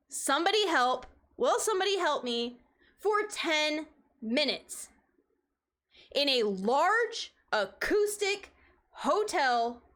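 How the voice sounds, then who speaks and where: A woman's voice: high-pitched, sharp tone. A woman streamer telling a story in a heated, profane, emphatic way. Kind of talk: casual storytelling rant.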